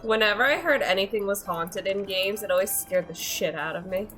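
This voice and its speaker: A woman's voice: mid-range voice, fairly quick, fairly bright tone, faint music behind, rough recording. A young woman streamer chatting and laughing as she plays a video game live at her desk mic. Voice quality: giggly, chatty. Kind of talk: live gameplay commentary.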